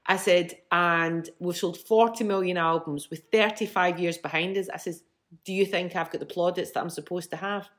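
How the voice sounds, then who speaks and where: Scottish frontwoman in her middle years, lower-pitched, blunt, animated storyteller. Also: moderate pace. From Scotland. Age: middle-aged. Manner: blunt, swears freely, lively storyteller. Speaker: band frontwoman. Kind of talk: casual interview chat.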